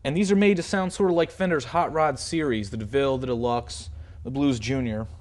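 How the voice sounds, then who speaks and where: A man's voice: mid-range voice, fairly quick. A man giving a casual product demonstration of a guitar amplifier, explaining settings loosely with frequent fillers and hedges. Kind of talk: casual product demo walkthrough.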